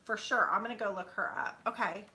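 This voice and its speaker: Chatty woman with a bright voice. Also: mid-range voice, fairly quick. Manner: chatty, rambling, many fillers. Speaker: YouTuber. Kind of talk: casual chat with viewers. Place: home, sitting on a bed.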